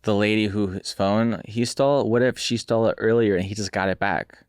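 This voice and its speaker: A man's voice: on the low side, fairly even intonation, moderate pace, clear, resonant tone, no room sound, studio quality. A man co-hosting a comedy podcast, earnest and stammering a little when sincere. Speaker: podcast co-host. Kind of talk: casual comedy podcast chat.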